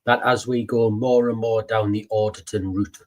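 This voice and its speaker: Chatty man, low voice. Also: level tone, normal speed, darkish tone. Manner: chatty, swears, tells stories with many fillers. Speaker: podcast co-host. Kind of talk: casual chat.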